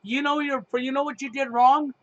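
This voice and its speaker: A middle-aged podcast host with a very high voice speaks at normal speed with fairly even intonation in a heated, casual talk show chat. He is emphatic and sarcastic, swearing frequently, and the recording sounds muffled.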